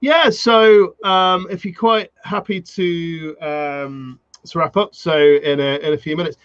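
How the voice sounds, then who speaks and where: A man's voice: a little high, steady tone, a bit bright, clean tone, dry recording, lo-fi sound. A man hosting a podcast, chatting casually and agreeing eagerly with his guest. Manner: enthusiastic, quick to agree. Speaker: podcast host. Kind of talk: casual interview chat.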